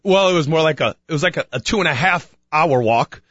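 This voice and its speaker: Male sports radio host, high bright voice, chatty storyteller, dry dull studio sound. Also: fast talker, dry recording. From Chicago. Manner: rambling storyteller, animated when retelling. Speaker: radio talk show host. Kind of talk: casual sports talk radio monologue.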